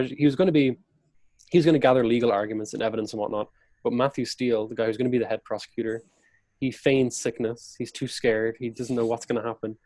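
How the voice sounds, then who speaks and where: A man's voice: medium pitch, a little mellow, no echo. Man vividly retelling history, dry sound. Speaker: podcast guest, historian. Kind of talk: conversational storytelling.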